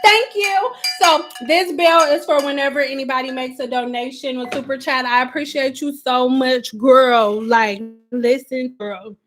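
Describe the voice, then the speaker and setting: Sassy woman vlogger, pretty high voice, loud one sec and muttering the next, casual livestream talk. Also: a little slow, soft background music. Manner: animated, sassy, swings between loud outbursts and quiet asides; says her own voice sounds a little aggressive. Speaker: hair care vlogger.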